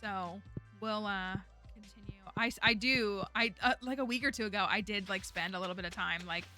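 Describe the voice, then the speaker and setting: A woman's voice: medium pitch, fairly even intonation, quick pace, sharp tone, soft background music. A woman streaming a game, talking casually and rambling with lots of fillers. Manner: chatty, rambling, many fillers like "like" and "um". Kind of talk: casual gameplay chat.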